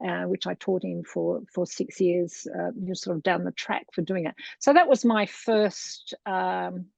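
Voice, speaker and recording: A woman's voice: mid-range voice, vocal fry, darkish tone, dry recording. Chatty Australian woman, dull dry recording. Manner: chatty, wandering, laughs often. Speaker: guest, Montessori lecturer. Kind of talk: casual storytelling interview.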